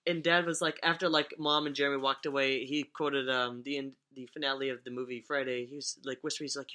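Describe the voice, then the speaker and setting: A man's voice: mid-range voice, little pitch movement, fast, hardly any pauses, sharp tone. A young man telling stories on a casual podcast, rambling and swearing, often laughing as he talks. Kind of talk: casual storytelling chat.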